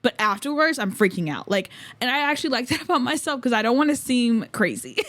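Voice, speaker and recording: A woman's voice: on the high side, animated, fast talker, fairly bright tone, dry recording. Giggly young woman rambling casually. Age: 20s. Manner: giggly, laughs often mid-sentence; rambling with many fillers. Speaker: podcast host. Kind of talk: casual storytelling chat.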